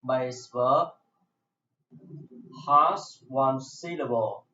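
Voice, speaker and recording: A man with a Vietnamese accent, a native Vietnamese speaker teaching an English class, going very slowly and saying each word several times over. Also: mid-range voice, sharp tone. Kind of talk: slow classroom explanation. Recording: echoey room, dull lo-fi sound.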